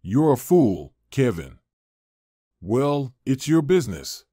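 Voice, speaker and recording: Creaky old witch granny, blunt and teasing, a guy putting her on, audiobook, bouncy voice. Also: mid-range voice, very animated, slow, warm tone, no echo, clean studio sound. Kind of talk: storybook narration.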